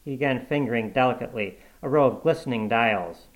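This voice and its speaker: A man narrating a short story in a measured, even audiobook reading. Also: medium pitch, rough recording.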